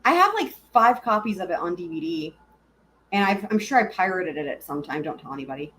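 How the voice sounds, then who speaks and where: A woman's voice: on the low side, sing-song, brisk, fairly bright tone. A woman hosting a live stream, chatting casually and giggling as she answers her viewers.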